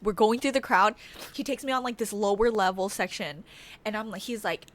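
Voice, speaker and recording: A young woman co-hosting a podcast, telling a story in an animated way with bursts of laughter. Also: medium pitch, fairly quick. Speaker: podcast co-host. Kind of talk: casual chat.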